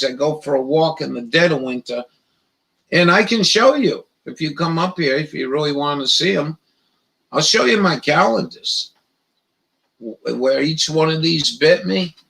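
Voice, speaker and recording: Casting: a slow, drawling male stream host with a raised pitch, cursing and rambling. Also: creaky, pushed and bright, low-quality recording. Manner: profane and halting, with many fillers and restarts. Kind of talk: casual rambling chat.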